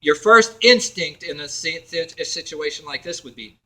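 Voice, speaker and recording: A man's voice: fairly high pitch, normal speed, pushed and bright, rough recording. A man telling a personal story to camera in a meandering way, full of fillers and restarts, acting out what others said. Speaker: video blogger.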